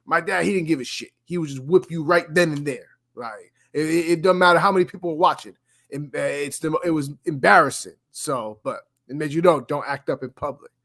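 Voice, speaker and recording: A man's voice: fairly high pitch, brisk, a bit bright. Man laughing through his own stories. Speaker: podcast co-host. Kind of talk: casual storytelling chat.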